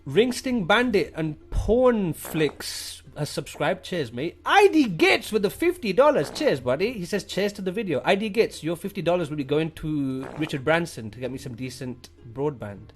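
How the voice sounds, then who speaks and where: A man's voice: a little high, big pitch swings, normal speed, few pauses. A young British man streaming live, reading chat and thanking subscribers in a casual, profane way. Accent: British English. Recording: faint music behind the voice.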